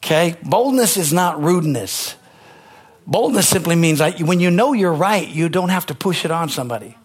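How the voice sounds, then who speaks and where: A pastor preaching a sermon, emphatic, rising to near-shouted peaks on key lines. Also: male voice, a little high, animated, moderate pace, slightly rough.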